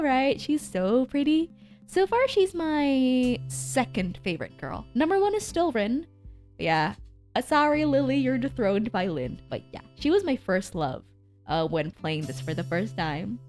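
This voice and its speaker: A young woman streamer chatting and giggling casually while playing through a visual novel. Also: high voice. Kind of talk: casual game-stream commentary.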